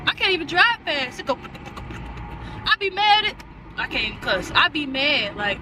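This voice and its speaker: A young woman vlogging in her car, ranting in an animated, exasperated way with lots of slang. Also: fairly high pitch, far from the mic, background noise. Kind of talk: casual chat.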